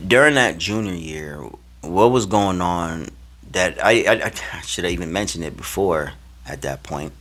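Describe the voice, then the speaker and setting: A young man with a very low, deep voice tells a personal story to camera. He talks casually and slangily, and his delivery turns animated and then hushed. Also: moderate pace. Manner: animated, slangy, swings between loud and hushed. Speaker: vlogger.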